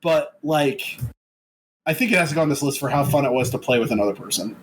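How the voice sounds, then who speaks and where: A man co-hosting a casual podcast, talking bluntly and swearing freely in an animated way. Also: medium pitch, fast talker, a little hiss or hum, poor audio. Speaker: podcast co-host. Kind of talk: casual chat.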